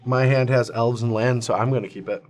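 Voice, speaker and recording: A man's voice: medium pitch, fairly even intonation, brisk. A man playing a card game, thinking his moves through aloud with a joking, hesitant manner. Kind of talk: casual table talk during a match.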